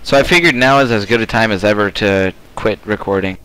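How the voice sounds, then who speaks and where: A man's voice: lowish voice, fairly quick, a bit bright, slight background noise. A young man recording his game session with friends, wry and exasperated over voice chat. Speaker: gamer recording a video. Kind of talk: casual gaming banter. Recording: game music behind the voice chat.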